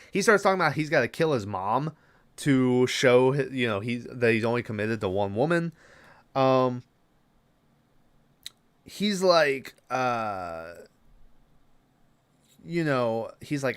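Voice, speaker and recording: Man with a lively, smooth voice. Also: mid-range voice, slow, pauses often. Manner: rambling, full of fillers and restarts. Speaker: podcast host. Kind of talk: casual movie recap.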